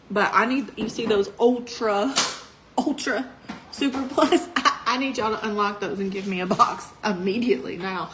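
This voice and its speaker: Teasing female comic with background noise. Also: mid-range voice. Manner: laughs easily, teasing. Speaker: headlining comedian. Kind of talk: casual chat.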